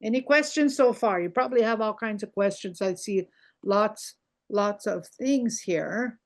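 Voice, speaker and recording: A woman's voice: medium pitch, unhurried. An older woman teaching a language lesson, patiently repeating words and checking in with "okay?" as she goes.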